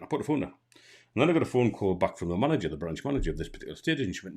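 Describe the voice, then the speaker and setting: A man's voice: fairly low pitch, lively intonation, racing, a little mellow. A man with a Geordie accent, co-hosting a casual streamed chat and telling a long anecdote, acting out both sides of a phone call and often restarting his sentences. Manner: rambling storyteller who acts out both sides of phone calls, with frequent restarts. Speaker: co-host.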